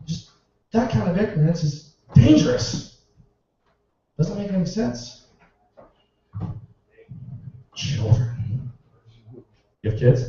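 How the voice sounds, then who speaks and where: A young male stand-up comedian rants in exasperation, with profanity, during a routine at a small comedy club. His high-pitched, dark voice is picked up off-mic, so the recording sounds roomy, distant, muffled and echoing.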